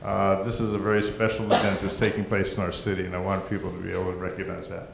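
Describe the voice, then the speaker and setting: A man with a low, monotone voice and vocal fry talks fast as mayor presenting a proclamation at a council meeting. His manner is folksy and rambling with frequent restarts, and the council chamber recording is reverberant with heavy background noise.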